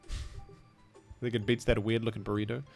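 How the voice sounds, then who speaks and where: A man's voice: lowish voice, flat delivery, a little slow, vocal fry, darkish tone, soft background music. A man with an Australian accent, a gaming streamer giving rambling, self-deprecating commentary that trails off into mumbled asides. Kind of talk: casual rambling game commentary.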